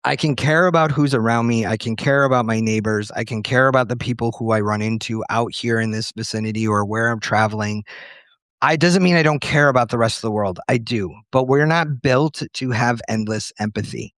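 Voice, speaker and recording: Recorded at studio quality with no echo, a man speaks in a brisk, medium-pitched, slightly bright voice. He's a writer guest in a casual conversation, earnest and reflective, telling stories from his life and quoting other people's voices.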